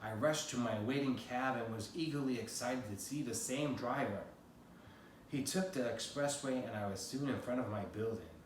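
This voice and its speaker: A man's voice: mid-range voice, normal speed. Man reading his memoir in an echoey room. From United States. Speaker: memoir author reading aloud. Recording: very echoey room, voice from a distance, faint noise.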